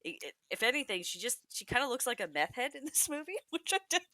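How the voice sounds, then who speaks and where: Woman guest on a movie podcast, bright voice that jumps around a lot, laughs easy. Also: a little high, quick pace, dry recording. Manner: expressive, laughs often. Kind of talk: casual movie discussion.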